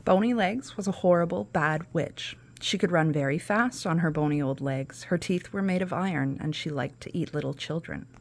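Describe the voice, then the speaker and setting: Brief: woman host narrating a kids' story, low voice with a gravelly edge, casual asides. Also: moderate pace, few pauses. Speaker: podcast host. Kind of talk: reading a children's storybook aloud.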